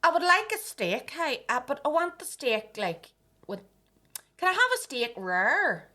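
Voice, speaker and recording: A woman's voice: high-pitched, very animated, a little slow, pushed and bright, pitched above the performer's own voice, heavily acted. A woman voicing a fussy, demanding young woman customer with a Ballymena accent.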